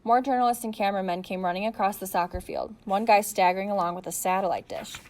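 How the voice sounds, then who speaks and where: A woman's voice: medium pitch, quick pace. Woman narrating an audiobook.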